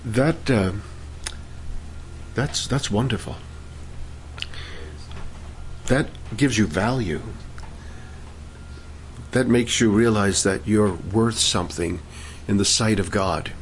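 A man leading worship and preaching a sermon, fervent in praise and gentle when he teaches. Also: lowish voice, slow, pauses often, a little hiss or hum. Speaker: pastor.

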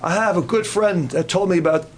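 Animated, high-voiced older male preacher. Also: fairly quick. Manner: animated, dramatic, shifting between loud and hushed. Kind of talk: sermon.

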